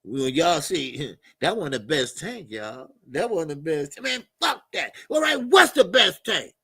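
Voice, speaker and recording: A high, bright-voiced man rants about fighters with a gravelly, husky rasp. His delivery is profane and loud, and it is recorded dry and close. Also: a little slow, no echo. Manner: profane trash talk, animated and loud. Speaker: boxing fan caller on a live show. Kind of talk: heated boxing talk.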